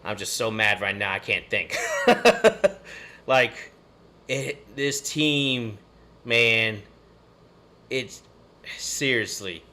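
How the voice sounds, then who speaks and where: A man's voice: mid-range voice, expressive, drawn-out words, long pauses, bright, forceful tone. A man, hosting a live sports stream and ranting in a frustrated, rambling way. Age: 30s. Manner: frustrated, rambling, cursing and sighing. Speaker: podcast host.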